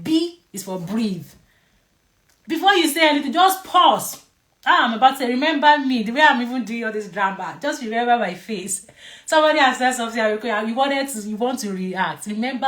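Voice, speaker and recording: A woman's voice: on the high side, fairly bright tone. A woman who teaches mental health to camera in a casual way. She is playful and emphatic, repeats key words and asks viewers to comment.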